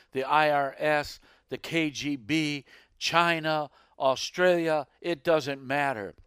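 A man preaching a sermon, dramatic, swinging from hushed lines to emphatic outbursts. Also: medium pitch, clear, resonant tone, no room sound, studio quality.

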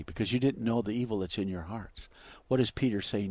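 A low-pitched man delivers a sermon with dramatic swings in volume, acting out the lines of the people he quotes. The sound is dry and close, with no room echo. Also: a little fast. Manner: dramatic, acts out quoted dialogue with wide swings in loudness. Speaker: preacher.

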